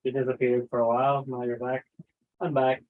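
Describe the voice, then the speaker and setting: A man's voice: medium pitch, flat delivery, brisk. A man hosting a casual livestream, rambling, swearing freely and reading chat messages aloud. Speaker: livestream host. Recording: tinny phone-like audio.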